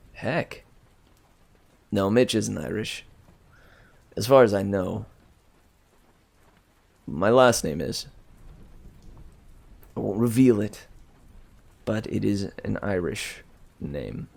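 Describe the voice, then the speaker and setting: Male story reader in a loose aside, chuckly and self-amused, with a low, creaky voice. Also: takes it slowly, pauses often, darkish tone. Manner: chatty, self-amused, chuckling, trailing off and restarting. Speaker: audiobook reader. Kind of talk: casual rambling aside.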